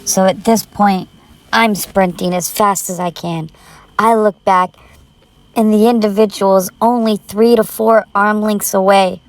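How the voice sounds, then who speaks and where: A woman's voice: mid-range voice, fairly even intonation, a little slow. A woman narrating a true scary story in the first person, with a tense, urgent delivery.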